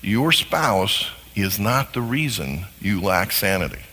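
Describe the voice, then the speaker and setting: Animated guy preaching on marriage, acts out little scenes, gravelly voice, big echoey hall. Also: on the low side, slow pace. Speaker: Christian counselor teaching on marriage. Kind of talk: sermon-style teaching talk. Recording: long hall reverb.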